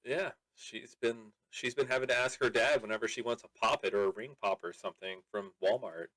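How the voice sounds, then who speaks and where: A man's voice: fairly low pitch, brisk, fairly bright tone, no room sound. A man co-hosting a podcast in casual banter, joking and playful. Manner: joking, playful, puts on silly quoted voices. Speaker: podcast co-host.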